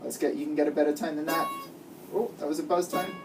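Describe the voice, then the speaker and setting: A woman's voice: sits low, fairly even intonation, quick pace. A woman teaching a child guitar one-on-one, giving patient step-by-step instructions and lots of praise. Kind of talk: one-on-one music lesson. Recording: distant mic with guitar playing.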